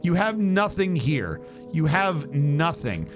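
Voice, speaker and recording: A man streaming a game with casual commentary, animated and exasperated, swearing freely and talking to chat. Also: on the high side, takes it slowly, over music.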